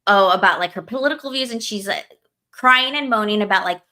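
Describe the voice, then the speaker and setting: A woman's voice: on the high side, expressive, fairly quick, bright, forceful tone. A woman co-hosting a podcast, ranting in casual chat, heated and profane, full of filler words. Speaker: podcast co-host.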